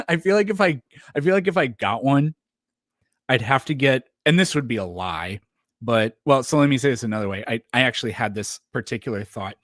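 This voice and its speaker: Speaking a little fast in an expressive, slightly bright mid-range voice, a male streamer rambles casually on his livestream, filling gaps and restarting sentences often. The sound is dry, with studio-quality recording.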